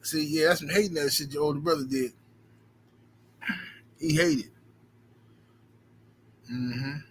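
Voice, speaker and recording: A man hosting a casual livestream, reading out viewer messages and riffing in a profane, rambling, animated way. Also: on the high side, takes it slowly, breathy edge. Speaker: livestream host reading super chats.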